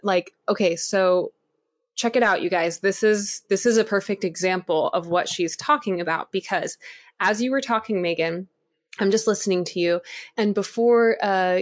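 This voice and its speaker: A woman co-hosting a casual spiritual chat, animated and rambling, often laughing and asking listeners to bear with her. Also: fairly low pitch.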